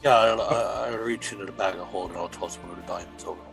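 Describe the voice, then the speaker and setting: A man's voice: lowish voice, steady tone, fast talker, creaky, fairly bright tone, soft background music. A man playing a tabletop game, plainly stating what his character does. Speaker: player.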